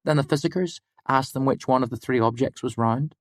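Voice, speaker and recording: A man's voice: medium pitch, brisk, no room sound, studio quality, pitched above the performer's own voice, close to an everyday voice. A man doing an earnest young woman student. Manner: earnest, insistent.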